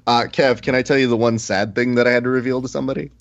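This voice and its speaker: A man's voice: medium pitch, rapid-fire, muffled recording. A man hosting a podcast in casual chat, telling stories and acting out the quotes. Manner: animated storyteller, acts out quotes. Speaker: podcast host.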